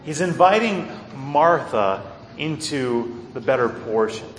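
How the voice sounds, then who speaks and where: A pastor preaching a sermon with earnest emphasis, swinging between loud stresses and quiet low asides. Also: male voice, expressive, slow, roomy sound, long reverb tail, slight background noise.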